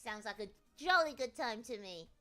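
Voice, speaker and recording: Bright, lively British woman streamer. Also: on the high side, moderate pace, soft background music. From Britain. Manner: playful, chatty, jokey asides. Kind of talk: casual live-stream chat.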